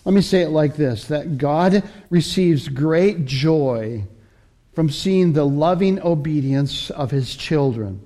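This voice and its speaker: Mellow-voiced man preaching a sermon. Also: a little high, takes it slowly. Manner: conversational Bible teaching with frequent self-corrections.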